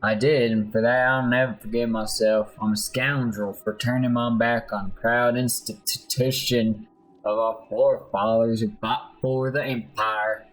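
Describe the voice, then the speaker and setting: A man voicing a heartbroken young male army deserter, telling his story in a slow, mournful way during a game. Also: mid-range voice, little pitch movement, close to an everyday voice, poor audio. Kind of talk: let's play voice acting.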